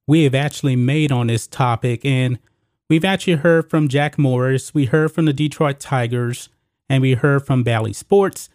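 A man's voice: medium pitch, a little mellow, dry recording, clean studio sound. A man hosting opinionated sports commentary, emphatic and repetitive, calling viewers guys.

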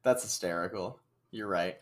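A man co-hosting a podcast, chatting about an episode in an animated, excitable way and laughing easily. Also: deep voice, moderate pace. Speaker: podcast co-host. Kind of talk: casual recap chat.

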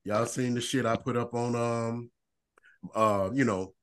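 A man co-hosting a podcast, telling a long profane story in animated, repetitive bursts. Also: mid-range voice, measured pace, smooth. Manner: profane, animated storyteller who repeats phrases. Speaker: podcast co-host. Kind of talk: casual storytelling chat.

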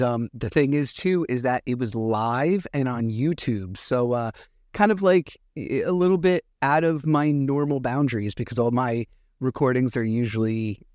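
A man's voice: medium pitch, no echo. Chatty man telling a story, dry mic. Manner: rambling, animated retelling with many fillers. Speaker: podcast host. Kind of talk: casual solo storytelling.

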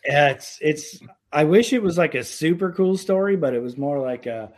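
A man's voice: on the high side, lively intonation, moderate pace. A man from New York who has worked in the fishing industry, talking in a casual podcast chat and rambling with many filler words.

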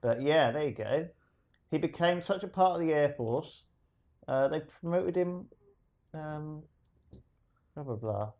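A man's voice: on the high side, expressive, a little slow, long pauses, a little mellow. A man telling a story in a casual chat with a friend, rambling with restarts.

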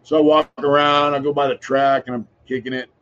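Middle-aged man, relaxed storyteller, trails off into mutters; muffled, lo-fi audio. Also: medium pitch, brisk. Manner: laid-back, rambling, drops to a mutter at line ends. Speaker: podcast host telling his story. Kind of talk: casual storytelling chat. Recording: dull lo-fi sound.

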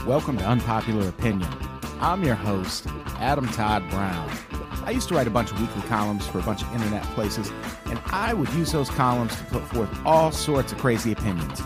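A man's voice: medium pitch, very animated, normal speed, loud music behind the voice. A man hosting his own podcast, reading plugs wryly and introducing guests in casual banter. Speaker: podcast host.

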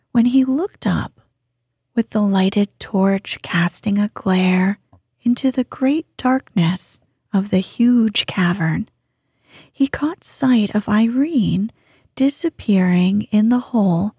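A woman narrating a storybook in a whispered reading, her voice very breathy and hushed. She reads slowly and steadily, with a mellow, dark tone. The sound is close and dry. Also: medium pitch, no room sound.

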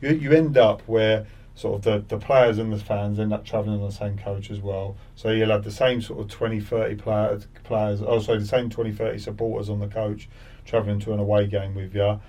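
Low-voiced man telling stories. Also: brisk, few pauses, distant mic. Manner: animated, acts out crowd taunts with rising voice. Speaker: guest, former footballer. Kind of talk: casual interview storytelling. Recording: voice set back from the mic.

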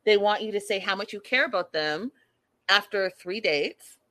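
A woman giving a casual, animated recap to her viewers, judgmental and chatty, addressing them directly. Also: medium pitch, normal speed. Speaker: commentator.

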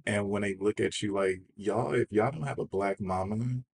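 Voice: low voice, normal speed, creaky, darkish tone, breathy edge. A podcast host chatting in an interview, supportive and affirming. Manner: supportive, affirming, frequent backchannel. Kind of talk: conversational interview.

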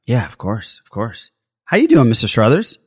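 A man's voice: mid-range voice, wildly swooping pitch, normal speed, slightly rough, dry recording. Upbeat podcast host man, dry sound. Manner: upbeat, effusive, joking. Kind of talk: casual podcast chat.

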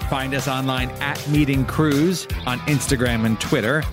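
A man hosting a podcast, reading the closing credits in a measured, deadpan way. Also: medium pitch, loud music behind the voice. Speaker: podcast host and producer.

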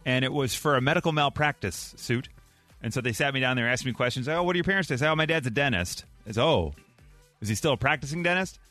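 Bright, animated male radio host. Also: mid-range voice, fast talker, dry recording, faint music behind. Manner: playful, laughs often, acts out quotes. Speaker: radio morning show host. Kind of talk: lively radio banter. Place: radio studio. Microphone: studio microphone.

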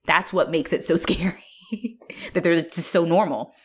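Low-voiced woman chatting about a film. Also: unhurried, slightly rough. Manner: chatty, frequent "like" fillers, animated retelling. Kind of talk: casual film discussion.

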